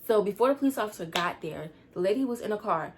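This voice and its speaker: A teenage girl telling a storytime vlog, rushed and rambling as she tries to calm down. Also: mid-range voice, slight background noise. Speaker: vlogger.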